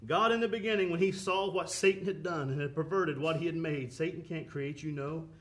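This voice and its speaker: A man's voice: fairly high pitch, fairly quick, fairly bright tone. A man preaching a sermon with an impassioned, rising and falling cadence, quoting scripture.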